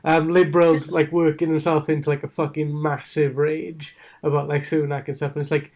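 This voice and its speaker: A man with a slightly high but flat-toned voice rants on a casual podcast. He swears freely and laughs through what he says. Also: moderate pace. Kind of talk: casual political chat.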